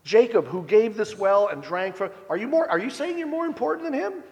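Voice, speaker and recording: Sarcastic woman at a well, pitched up a bit, challenging, preacher doing her. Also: expressive, brisk, darkish tone, long reverb tail.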